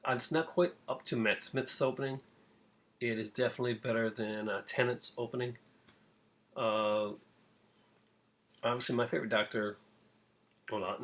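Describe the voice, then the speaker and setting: Rambling man with a lowish voice. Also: a bit bright. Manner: rambling, many fillers and restarts. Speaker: video reviewer. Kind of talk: casual spoken review.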